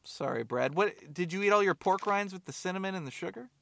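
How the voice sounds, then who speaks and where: A man's voice: high-pitched, expressive, quick pace, vocal fry, fairly bright tone. A man co-hosting a podcast, joking, rambling and swearing freely in casual chat. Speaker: podcast co-host.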